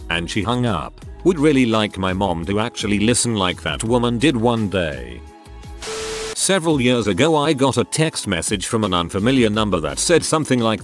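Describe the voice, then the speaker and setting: Male narrator, low voice, lively intonation, scripted story reading, faint music underneath. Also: normal speed. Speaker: narrator reading Reddit posts.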